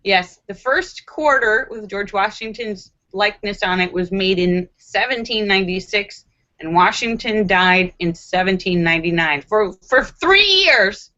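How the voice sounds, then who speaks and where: A woman's voice: mid-range voice, pushed and bright, lo-fi sound. A woman hosting a casual live stream and reading viewer comments aloud, playful and sassy, with frequent laughter and joking asides.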